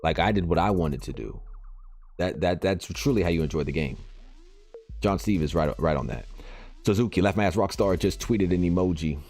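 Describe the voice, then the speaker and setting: A man's voice: deep voice, moderate pace, darkish tone. A man hosting a live game stream, chatting casually and reacting to viewer comments as he reads them aloud.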